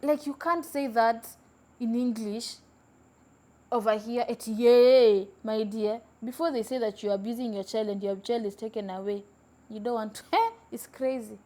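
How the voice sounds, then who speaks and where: A woman's voice: fairly high pitch, normal speed, darkish tone. A young woman, hosting a podcast and telling stories in a casual, emphatic way, often repeating words and restarting sentences. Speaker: podcast host. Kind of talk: casual storytelling chat.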